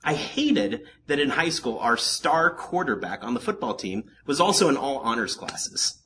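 Guy preaching a bible study, lively swooping voice, jokes around and talks to the crowd. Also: medium pitch, normal speed, a little hiss or hum. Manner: animated and joking, with asides to the congregation. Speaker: pastor teaching a Bible study. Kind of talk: sermon.

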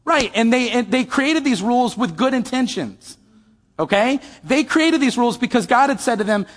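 High-voiced man preaching in a hall. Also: animated, normal speed. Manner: conversational, asks the audience questions. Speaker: pastor. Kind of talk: sermon.

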